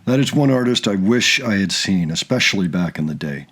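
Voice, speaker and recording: A man's voice: deep voice, expressive, fairly quick, fairly bright tone, slightly rough. A man hosting a reaction channel, musing casually and reflectively about a clip.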